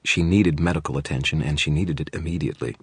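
A man reading a first-person thriller audiobook with tense urgency. His voice is extremely deep and husky, and the recording is close and dry. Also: quick pace, dry recording. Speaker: audiobook narrator. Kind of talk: first-person fiction narration.

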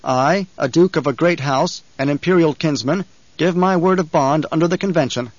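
A man's voice: on the high side, normal speed, no echo, lightly acted. Grave young duke, formal and commanding, as read by a male narrator; muffled dry studio read.

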